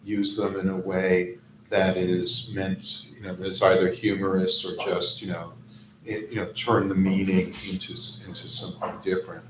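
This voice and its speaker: A man with a low voice speaks haltingly as a panelist, restarting and repeating words as he goes. The room sounds echoey and spacious, with a faint hum behind him. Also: little pitch movement. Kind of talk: panel discussion. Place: event hall. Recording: roomy hall with faint noise.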